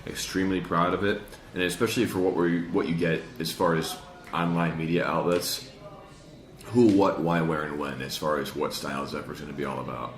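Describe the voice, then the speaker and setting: A man's voice: rumbling low, fairly even intonation, brisk, roomy sound, faint music behind. A man with a Chicago accent hosting a podcast in casual chat, rambling and joking with lots of fillers. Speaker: podcast host.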